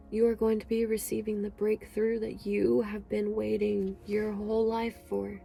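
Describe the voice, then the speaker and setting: Woman doing a tarot reading, dark mellow voice, kinda rambly and emotional. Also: medium pitch, gravelly. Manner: emotional, effusive, rambling with fillers. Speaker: tarot reader. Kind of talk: pick-a-card tarot reading.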